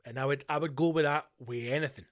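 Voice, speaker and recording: A man's voice: on the high side, fast. Scottish man hosting a rambling solo podcast. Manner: rambling, animated storytelling with swearing. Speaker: podcast host. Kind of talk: solo podcast monologue answering listener questions.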